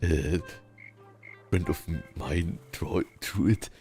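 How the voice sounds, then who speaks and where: A very deep, rumbly male voice with a Southern German accent and a rolled R. He speaks slowly, leaving long pauses as he chats casually to his stream. Soft music plays faintly behind him. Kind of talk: casual chat while gaming.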